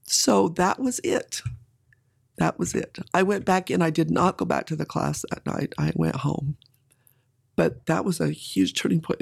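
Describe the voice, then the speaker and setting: A woman's voice: fairly low pitch, unhurried, gravelly, darkish tone, husky. A middle-aged woman candidly telling a personal story in an interview, with emotion and occasional laughter.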